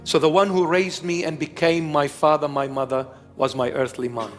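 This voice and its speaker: A man's voice: a little high, fairly even intonation, moderate pace, long reverb tail, soft background music. A man in his fifties delivering an emphatic sermon, repeating his key phrases. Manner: emphatic, repetitive preaching. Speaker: preacher.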